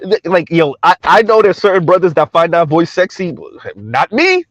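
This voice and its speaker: A man's voice: high-pitched, fairly quick, dry recording, highs cut off. A middle-aged man hosting a casual livestream, reading chat aloud, loose and colloquial, with frequent chuckles. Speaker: livestream commentary host.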